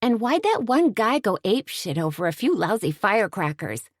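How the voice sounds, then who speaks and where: A woman reading an audiobook voices a plucky café owner, exclaiming with breathless urgency and sounding relieved. Her voice is medium-pitched, sing-song, and moderately paced, pitched above her natural voice, in clean studio sound with no echo.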